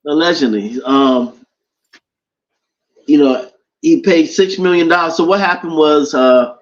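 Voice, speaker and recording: A man co-hosting a podcast in casual chat, telling a story in a relaxed way with fillers. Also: on the high side, a little slow. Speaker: podcast co-host. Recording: dull lo-fi sound.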